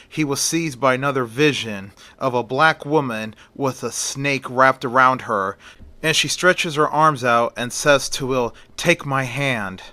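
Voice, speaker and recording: A man narrating a horror story in a slow, plain retelling manner. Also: mid-range voice, bright, forceful tone, no room sound.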